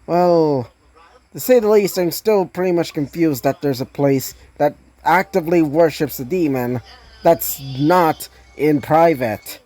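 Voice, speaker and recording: A woman's voice: sits low, unhurried, warm tone, poor audio. A woman reading the lines of a blunt young male demon hunter who swears casually with British slang. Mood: gruff.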